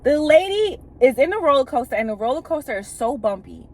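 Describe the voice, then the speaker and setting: A woman's voice: high-pitched, big pitch swings, a little fast, a little mellow. A woman speaking in a candid, emphatic storytelling manner, with casual profanity, acting out what people said as she recounts scenes, from inside a vehicle away from home. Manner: retells scenes by acting out quoted speech. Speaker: vlogger sharing spiritual experiences.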